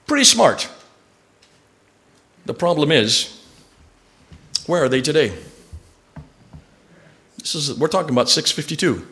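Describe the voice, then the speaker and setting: A man lecturing a live audience, animated and quizzing listeners with rhetorical questions. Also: medium pitch.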